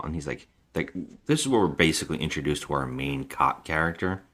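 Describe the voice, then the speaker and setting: A man's voice: very deep voice, lively intonation, fast, fairly bright tone. A male podcast co-host in a casual movie-review chat, animatedly retelling scenes and acting them out with voices.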